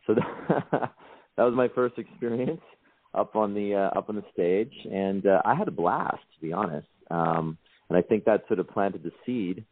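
A man's voice: lowish voice, normal speed, no room sound. A man from Canada, an actor calling in to a radio interview, easygoing and reflective. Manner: easygoing and reflective, with many fillers. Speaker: actor and guest. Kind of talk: interview answers. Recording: tinny phone line.

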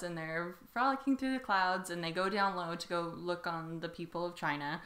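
A young woman co-hosts a podcast, bubbly and giggly as she retells a story and slips into playful acted-out voices. Her voice is on the low side with a sharp tone, a bit fast with few pauses, in an echoey room.

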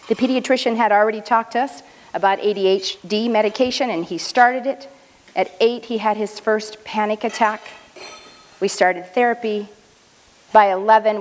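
Woman speaking earnestly in a reverberant hall. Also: mid-range voice. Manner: measured, earnest storytelling. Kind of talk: personal talk at a luncheon. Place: luncheon hall.

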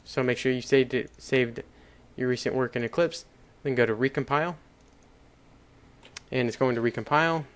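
In a casual screen-recorded coding tutorial, the young male host rambles and corrects himself, dropping little laughs into his chatter. He talks at a moderate pace in a steady, mid-range voice.

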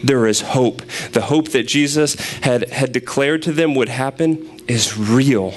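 A young man preaching a sermon, retelling a scripture passage in a conversational, animated storytelling way. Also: medium pitch, a little slow.

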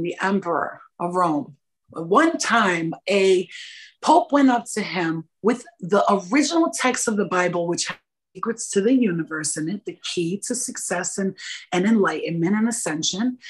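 A woman in her thirties, a podcast guest and energy coach, talking about spirituality in an animated, preachy and profane way. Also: mid-range voice. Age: 30s. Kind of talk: casual spiritual podcast talk.

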